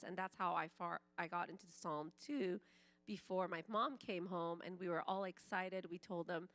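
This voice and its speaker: Her voice lowish, steady and a bit bright, a Farsi-speaking woman in her forties who grew up in Iran speaks at a moderate pace. Telling her church testimony conversationally, she acts out what people said and leans on "like" a lot.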